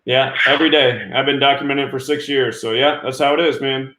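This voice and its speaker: A man hosting a live call-in radio show, friendly and brisk as he takes and wraps up calls. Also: medium pitch, steady tone, echoey room, noisy background.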